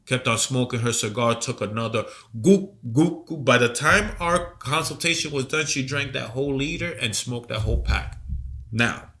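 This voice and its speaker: A man co-hosting a podcast, telling a long story in a rambling, profane, animated way while coming down with a cold. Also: mid-range voice, moderate pace. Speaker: podcast co-host. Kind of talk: casual storytelling chat.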